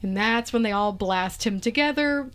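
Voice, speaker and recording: A woman's voice: mid-range voice, moderate pace, fairly bright tone, smooth. A woman co-hosting a podcast, animatedly recapping a movie and laughing often. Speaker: podcast co-host. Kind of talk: casual chat.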